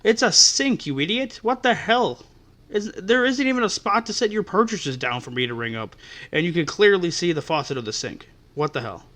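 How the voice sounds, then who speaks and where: A man's voice: high voice, lively intonation, normal speed, fairly bright tone. A man hosting a podcast, telling customer-service stories in an exasperated, profane rant. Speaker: podcast host. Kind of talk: ranting storytelling.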